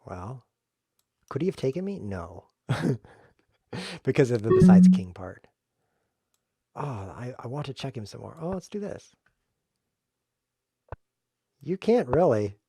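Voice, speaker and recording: A man's voice: mid-range voice, takes it slowly, long pauses, breathy edge, no room sound. Jokey male chess streamer, dry close mic. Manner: jokey, excitable self-talk while playing. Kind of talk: live game commentary.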